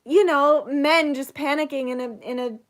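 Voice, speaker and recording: A woman's voice: high voice, moderate pace. A young woman in her twenties casually telling a story to her channel, swearing freely and acting out what people said. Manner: animated, swears freely, acts out quotes. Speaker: channel host, psychic reader.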